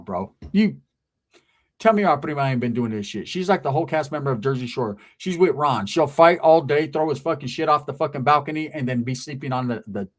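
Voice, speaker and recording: A man telling a crude, animated comedic story, acting out the dialogue. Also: on the high side. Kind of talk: casual profane storytelling.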